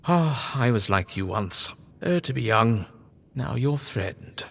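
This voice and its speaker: A man voicing a scheming old male doctor with a smooth, persuasive way of talking, often hushed. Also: medium pitch, expressive, slow, voice pushed down, exaggerated voice. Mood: wistful. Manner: soft-spoken, coaxing. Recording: long reverb, faint music behind.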